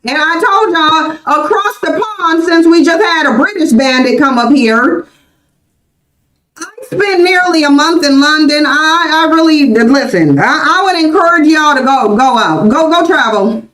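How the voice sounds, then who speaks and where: In her forties and from the United States, this livestream host has a high, expressive, fairly bright voice and takes her time. Her commentary is emphatic, pressing the same points again and again, captured in a reverberant, low-quality recording.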